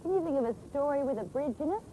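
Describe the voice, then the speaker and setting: A woman presenting children's TV outdoors by a pond, gentle and expressive. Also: high-pitched, rapid-fire, slight background noise, low-quality recording. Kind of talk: children's TV songs and storytelling.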